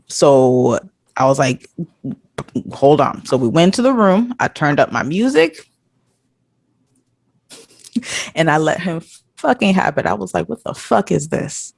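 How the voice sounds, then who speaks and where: An animated, swearing young woman from Nigeria tells a dating story on a podcast, her pitch swinging widely as she acts out each quote. The recording is dry and close, with no room sound. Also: normal speed, gravelly, dry recording. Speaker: podcast co-host. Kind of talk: casual storytelling chat.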